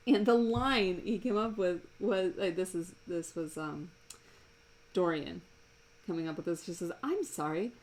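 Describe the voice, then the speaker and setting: A woman's voice: on the low side, steady tone, measured pace, darkish tone, poor audio. A woman cartoonist chatting casually while she draws live at her desk, amused and rambling, laughing often. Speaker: live-drawing cartoonist and streamer. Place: home desk.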